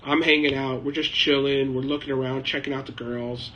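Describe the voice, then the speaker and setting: A man's voice: medium pitch, flat delivery, a little fast, pushed and bright, muffled recording, a little hiss or hum. A middle-aged man hosting a live chat, telling a casual, rambling story with lots of uh and um fillers. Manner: rambling, anecdotal, frequent uh and um fillers. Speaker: host of a live chat stream. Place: home shed, living in China.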